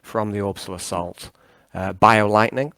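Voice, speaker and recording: A man's voice: on the low side, steady tone, moderate pace, fairly bright tone, no echo. A man running a tabletop game over a call, rambling and hesitant with many fillers and restarts. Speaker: game master.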